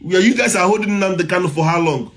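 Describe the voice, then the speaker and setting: A man's voice: high voice, quick pace, a bit bright. A man with a Nigerian accent giving impassioned commentary, repeating his points and firing rhetorical questions. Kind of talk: impassioned social media commentary.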